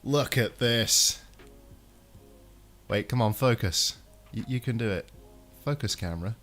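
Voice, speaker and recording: A man with a regional British accent talks in a relaxed live-stream way, chatty and unhurried. His voice sits in an ordinary middle register. He coaxes himself under his breath through careful hands-on work. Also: mid-range voice, soft background music. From United Kingdom. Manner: chatty, mutters coaxingly to himself while working. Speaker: streamer doing console repairs. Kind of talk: casual live-stream chat.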